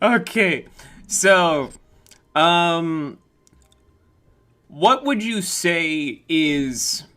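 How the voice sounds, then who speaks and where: Bright-voiced joking male interview host. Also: mid-range voice. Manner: joking, chatty, slips into comic voices. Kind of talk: casual online interview.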